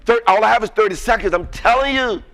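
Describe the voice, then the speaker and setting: A man giving an energetic, casual motivational talk to a live audience in a presentation room, coaxing them to chant along. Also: high-pitched, fast talker. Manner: casual, uses y'all. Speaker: presenter at a webinar. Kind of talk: motivational call-and-response talk.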